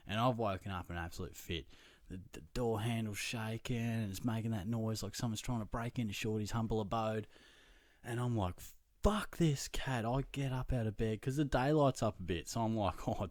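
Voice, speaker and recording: A young Australian man with a fairly low voice tells a story in a loose, sweary, self-mocking way. The recording is close and dry, with no room sound. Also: no room sound. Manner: animated, profane, self-mocking anecdote telling. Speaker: podcast host. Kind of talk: casual storytelling.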